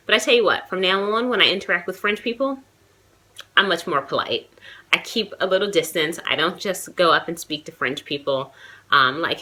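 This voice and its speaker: A young American woman talks to her viewers in a relaxed, rambling vlog, peppering her sentences with likes and you knows. Her voice is bright and fairly low, with a bit of a chesty cold in it. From United States. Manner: chatty, lots of likes and you knows, animated. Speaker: travel vlogger. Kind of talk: casual talking-to-camera vlog.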